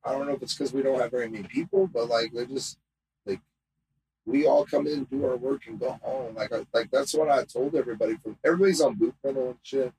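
A man guesting on a casual podcast, excitable and profane, saying "bro" a lot. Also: medium pitch, quick pace, a little hiss or hum, rough recording. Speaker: podcast guest and tattoo shop owner.

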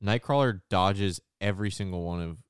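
A man's voice: low-pitched, moderate pace, smooth, no room sound, studio quality. A man co-hosting a podcast, chiming in with playful interjections and jokey quotes. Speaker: podcast co-host. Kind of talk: casual chat.

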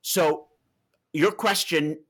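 A man's voice: a little high, extremely slow, a bit bright, husky. A man being interviewed as an author, answering in a discursive way and telling anecdotes with dialogue.

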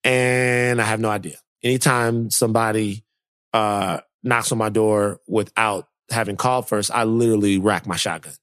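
A man hosting a podcast, telling a story in casual, animated chat, repeating phrases for effect and swearing casually. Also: lowish voice, moderate pace, no echo, studio quality. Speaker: podcast host.

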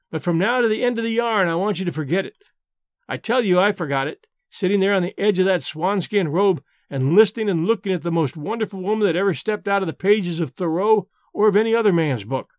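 A man voices an old storyteller, earnest and a little solemn, reminiscing over his glass. The voice sits high for a man, recorded dry and close with no room around it. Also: no echo. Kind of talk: audiobook reading.

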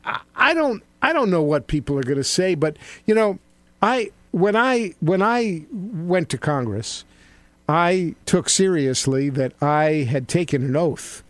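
A man's voice: fairly high pitch, expressive, unhurried, no room sound. A middle-aged man and former congressman hosting a satirical political chat, rambling and mocking with frequent stammered restarts. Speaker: show co-host, former congressman.

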